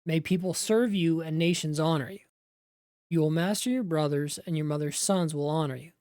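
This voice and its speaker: A woman voicing an old blind father giving a grave, slow-cadenced blessing, in a low voice and a dry, close sound. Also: a little mellow, dry recording, close to an everyday voice. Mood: solemn.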